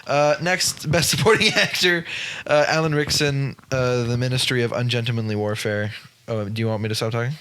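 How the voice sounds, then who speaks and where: A man co-hosting a laid-back podcast, reading out his award picks. His pitch sits at an ordinary middle. He trips over names and apologizes sheepishly. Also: fairly quick, fairly bright tone, clear, resonant tone. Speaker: podcast co-host. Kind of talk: casual chat.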